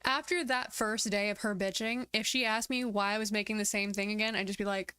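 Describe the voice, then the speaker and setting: A woman's voice: mid-range voice, fairly even intonation, fairly quick, few pauses, pushed and bright, clear, resonant tone, no echo. A woman streamer chatting on a gaming livestream who talks frankly and bluntly and swears freely. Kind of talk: casual chat on a gaming livestream.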